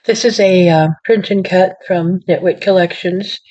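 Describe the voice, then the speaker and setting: This card-making channel host talks in a lowish, steady, mellow voice at a measured pace. She rambles through a casual show-and-tell of her work, apologizing and downplaying her own skill, all captured in dull lo-fi audio.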